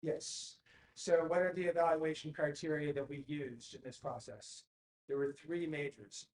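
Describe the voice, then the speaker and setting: A man giving a presentation at a city council meeting, speaking in a measured way with frequent fillers and restarts. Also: fairly high pitch, fairly even intonation, a little mellow. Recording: echoey council chamber.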